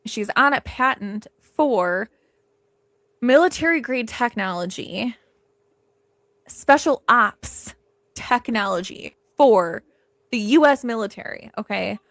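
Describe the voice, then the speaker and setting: Woman true crime host, gravelly edge, dry close sound, emphatic and rambling. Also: on the high side, expressive, takes it slowly, long pauses, a bit bright, no room sound. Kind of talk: casual livestream discussion.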